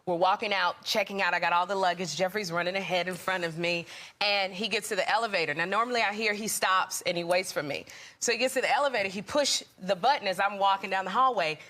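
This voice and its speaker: A woman co-hosting a daytime talk show, telling a story with animated drama. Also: medium pitch, quick pace. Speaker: co-host. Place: television studio.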